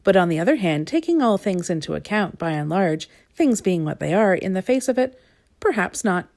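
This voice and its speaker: A woman's voice: lowish voice, sing-song, normal speed, darkish tone, dry recording, clean studio sound. A woman voicing a wordy, rambling old male wizard who talks in fussy, roundabout phrases.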